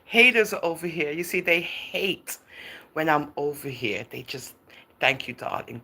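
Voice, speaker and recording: A woman chatting live on her stream and answering viewer comments in a teasing, easygoing way. Her voice is bright and clear, and her pitch jumps around a great deal as she talks. She calls viewers darling and girl and laughs often. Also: animated, unhurried. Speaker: livestream host. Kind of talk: casual livestream chat, reading out viewer comments.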